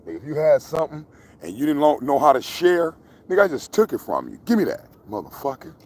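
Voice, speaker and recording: Out in the country, a male vlogger rambles casually to his livestream viewers, joking around and swearing freely. He talks fast with big pitch swings in a slightly high voice that has a darkish tone.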